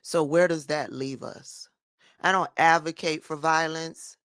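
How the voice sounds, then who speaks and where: A woman's voice: low-pitched, fairly even intonation, a little slow, fairly bright tone, no echo, studio quality. A woman giving firm, emphatic political commentary in a vlog monologue.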